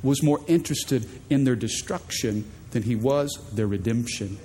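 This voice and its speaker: A man preaching a sermon as pastor, animated and playful, acting out voices in the stories he tells. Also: normal speed, big-room sound. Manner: animated, acts out quoted voices in high pitch.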